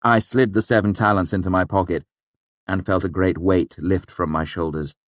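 A man's voice: low voice, moderate pace, dry recording. A man reading a first-person novel aloud as an audiobook narrator. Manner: expressive first-person storytelling. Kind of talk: scripted narration.

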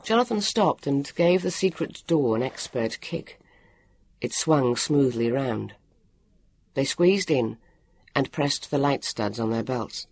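A narrator reading a children's adventure story aloud with an expressive delivery. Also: mid-range voice, slow, husky, no echo.

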